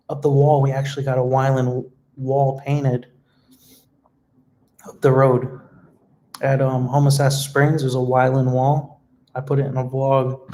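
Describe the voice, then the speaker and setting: A young man talks to his viewers on a home live stream, earnest and a bit rambling. His delivery stays strikingly flat, with hardly any rise or fall, and his tone is dark and soft. He answers comments loosely, with plenty of fillers. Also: mid-range voice, slight background noise, poor audio. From United States. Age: young adult. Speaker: vlogger hosting a live stream. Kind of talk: casual live-stream chat reading comments.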